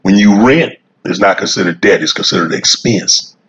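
A deep-voiced man, speaking at a moderate pace with a slightly bright tone, sits outside puffing a cigar. He rambles to his viewers in a casual, folksy way, repeating himself and chuckling as he talks about cigars, all over dull audio.

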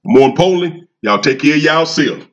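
A man's voice: on the high side, animated, moderate pace, dull audio. A man, a cigar vlogger talking in a fired-up casual monologue, repeating himself and asking his audience questions.

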